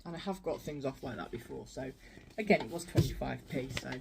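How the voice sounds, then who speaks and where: A woman's voice: extremely low pitch, animated, fairly quick, creaky, a crowd in the background. A woman vlogging her thrift finds in a chatty, rambling way, laughing often. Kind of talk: casual chat.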